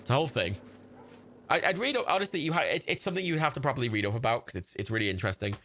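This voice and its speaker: A man's voice: mid-range voice, very animated, rapid-fire, pushed and bright, a little hiss or hum. A young man livestreaming, rambling casually with lots of fillers, restarts and laughs while playing a game.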